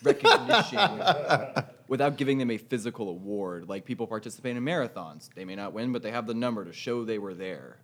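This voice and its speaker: Earnestly working through his point, a man thinks aloud in a casual group conversation. He speaks into a headset mic at a mid-range pitch. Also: a little mellow.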